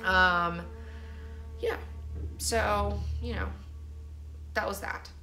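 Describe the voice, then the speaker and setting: A woman vlogger tells a loose, rambling story full of swearing and endless "like"s. Her voice is bright and forceful at a middle pitch, with faint music underneath. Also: drawn-out words. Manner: rambling, profane, heavy use of "like". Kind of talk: casual storytelling monologue.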